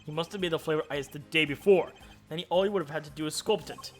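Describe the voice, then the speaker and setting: A man voices a composed prosecutor from a video game, reasoning through the case in a measured way. His voice is slightly higher than average. Game music plays faintly in the background. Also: natural voice. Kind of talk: reading game dialogue aloud.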